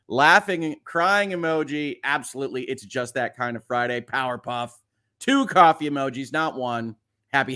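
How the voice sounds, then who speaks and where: A man's voice: on the high side, a bit bright. A man hosting a casual live stream, reading viewer comments in an upbeat, chatty way with frequent laughs. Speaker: livestream host and lawyer.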